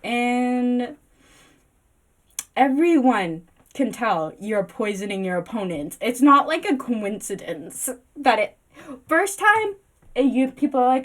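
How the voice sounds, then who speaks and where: A woman's voice: on the high side, expressive, measured pace. A woman giving a casual slideshow vlog about a book, giggly, rambling and self-deprecating. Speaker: booktok vlogger.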